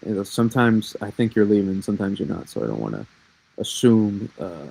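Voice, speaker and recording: A man's voice: on the low side, very animated, fairly quick, vocal fry, darkish tone, breathy edge, rough recording. A man casually breaking down a snowstorm forecast on a live stream, rambling and answering viewer questions as he goes. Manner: chatty, rambling, restarts and answers chat.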